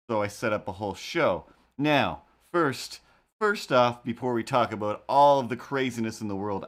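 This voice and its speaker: A man hosts a live stream in a low-ish voice, rambling from one joke to the next as he talks to his chat. He speaks into a desk mic at his computer, keeping it casual and unscripted. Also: fairly bright tone.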